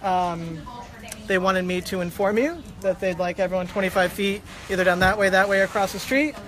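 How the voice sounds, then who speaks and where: A woman's voice: medium pitch, steady tone, fairly quick, fairly bright tone. Matter-of-fact woman relaying an update. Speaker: rally liaison with security. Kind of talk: making an announcement to a crowd. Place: outdoors by a building entrance.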